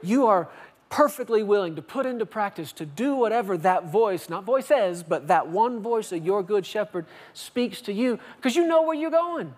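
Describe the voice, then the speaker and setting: A man's voice: high voice, lively intonation, moderate pace. A man in his thirties preaching a sermon as pastor of a church, telling stories and acting out phone calls with playful, exaggerated voices. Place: church sanctuary.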